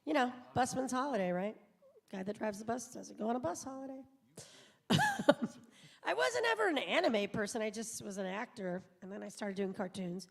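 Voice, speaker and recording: A woman's voice: fairly high pitch, expressive, normal speed, vocal fry. A middle-aged woman from the United States, a voice actor, chatting in a rambling, self-deprecating way as a guest on a live convention panel in an auditorium.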